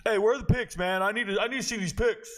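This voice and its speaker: A man's voice: high voice, fast talker, a bit bright. A man mimicking an impatient young male bettor who nags for picks in a whiny voice. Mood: nagging.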